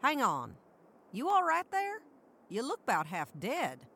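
A woman's voice: high voice, wildly swooping pitch, a little slow, pushed and bright, slight background noise, full character voice. A woman playing a shrewd, kindly small-town sheriff in an audio drama, with folksy country talk that teases and commands. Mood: wry.

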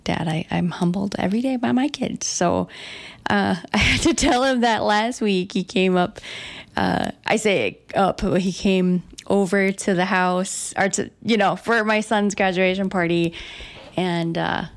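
A woman's voice: medium pitch, measured pace, gravelly. A middle-aged woman with a Red Lake Ojibwe accent hosting a radio show, chatting casually and self-deprecatingly with lots of fillers. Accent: Red Lake Ojibwe English. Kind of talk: casual on-air chat.

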